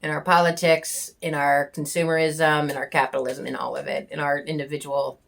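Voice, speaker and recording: A female homesteading vlogger talks to camera in a low voice with little pitch movement and some vocal fry. Her candid, raw reflection is bitter and angry, full of swearing and pauses as she reaches for words.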